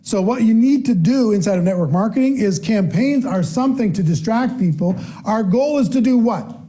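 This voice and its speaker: A man giving a live training talk on network marketing, asking the audience questions and acting out quoted voices with lively energy. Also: high voice, normal speed. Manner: animated, acts out quoted voices.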